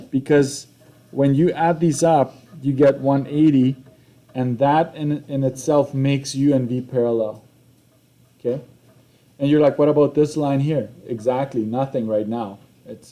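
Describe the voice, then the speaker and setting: Young guy teaching math in a classroom, mellow voice, mid pitch, keeps saying okay. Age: young adult. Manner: conversational, repeats himself, frequent "okay?" check-ins. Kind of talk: classroom lesson walkthrough.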